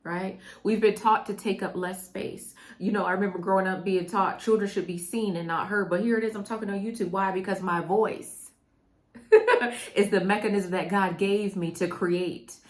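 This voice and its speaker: A woman's voice: medium pitch, steady tone, moderate pace. Woman, middle-aged, motivational talk to camera, punchy and repetitive, speaks straight to the viewer. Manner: emphatic and preachy, repeats phrases, talks straight to the viewer. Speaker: mindset coach.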